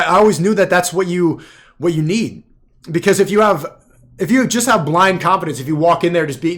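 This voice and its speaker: A man on a live stream, telling a loose, rambling story packed with filler. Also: sits high.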